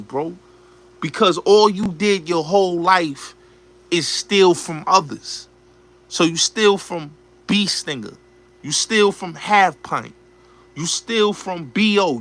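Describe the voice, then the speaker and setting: A man's voice: high-pitched, pushed and bright. A man hosting a show, delivering a blunt, profane, repetitive ranting commentary. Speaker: show host.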